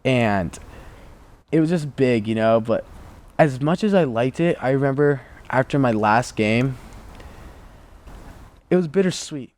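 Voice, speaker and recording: A man's voice: medium pitch, measured pace, pauses often. A young man from the United States, a guest on the show, tells a story casually and keeps saying "like". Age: young adult. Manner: animated, heavy use of "like".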